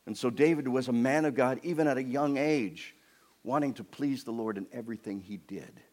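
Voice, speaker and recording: A man preaching a sermon, retelling a story in an animated way and acting out its scenes. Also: medium pitch, fairly quick.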